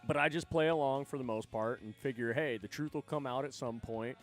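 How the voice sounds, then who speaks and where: A man's voice: medium pitch, brisk, soft background music. Rambling, swearing male streamer. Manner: rambling, profane, laughs often. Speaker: livestream host. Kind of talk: casual livestream chat.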